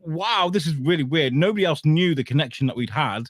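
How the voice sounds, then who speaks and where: A man's voice: on the high side, lively intonation, brisk, dry recording. A man hosts a loose, casual chat show. He rambles through his story, swears freely and laughs often. The sound is dry and close. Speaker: podcast host.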